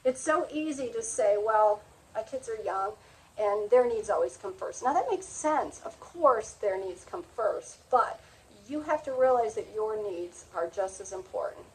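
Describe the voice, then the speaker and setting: A woman's voice: on the high side, expressive, unhurried, poor audio. A middle-aged woman hosting a motivational talk, speaking earnestly and sharing personal stories in a confiding way. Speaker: host.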